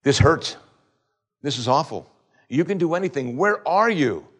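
A man delivers a sermon in a somewhat high voice. He reads scripture with feeling, rising into loud pleading questions and then dropping into quiet, low tones. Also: lively intonation, moderate pace. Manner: dramatic, swings between loud pleading and low hushed tones. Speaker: preacher.

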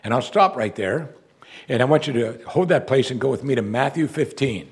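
A man preaching a sermon as pastor, swinging between loud exclamations and hushed asides. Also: mid-range voice, expressive, brisk, breathy edge.

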